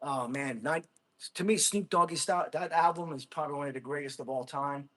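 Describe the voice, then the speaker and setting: A man in his thirties rambles happily to his livestream viewers, jumping from topic to topic and laughing often. His voice sits fairly high, and he keeps turning to the chat with questions. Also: fairly quick. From Jersey City, USA. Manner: rambling, excitable, laughs a lot, talks to chat. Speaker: livestream host, Marine veteran.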